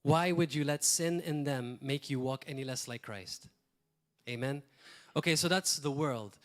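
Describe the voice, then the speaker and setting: A man preaching a sermon as pastor, talking in a lively, rambling way and acting out quotes now and then. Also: mid-range voice, a little slow. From Malta.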